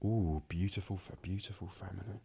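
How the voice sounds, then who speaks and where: Male guest, low voice, candid and halting, restarts often. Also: steady tone, vocal fry, warm tone, husky. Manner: reflective, halting, many restarts. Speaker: interview guest, actor. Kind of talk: candid conversational interview.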